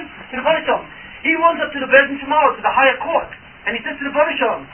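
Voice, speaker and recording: A rabbi giving a Torah class to a live audience, firing questions at the room and answering them himself. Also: male voice, very high voice, lively intonation, racing, a little hiss or hum. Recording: tinny, distant, lo-fi class recording.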